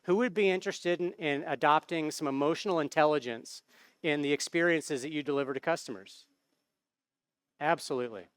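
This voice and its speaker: Smooth-voiced American man giving a talk. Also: a little high, brisk, a bit bright, no room sound. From United States. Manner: casual, conversational, many fillers and tag questions. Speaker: conference speaker. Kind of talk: conference talk. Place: conference stage. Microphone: microphone.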